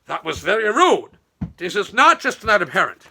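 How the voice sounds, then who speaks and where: A man's voice: high voice, very animated, moderate pace, vocal fry, sharp tone, husky, full character voice. A man voicing a pompous, indignant male politician who insists on his own importance and repeats his title. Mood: offended.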